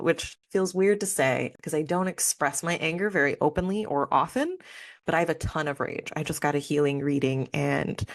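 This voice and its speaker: Low-voiced woman hosting a candid spiritual podcast. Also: no room sound. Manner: candid and emotional, many fillers like "like" and "man". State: near tears at times. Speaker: podcast host. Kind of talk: personal spiritual podcast monologue.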